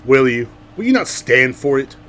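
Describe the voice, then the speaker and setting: A man's voice: medium pitch, sing-song, moderate pace, fairly bright tone. A man from Central Texas, hosting a podcast in a casual, rambling and heavily profane rant with a sarcastic edge. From Central Texas, USA. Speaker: podcast host. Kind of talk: casual ranting monologue.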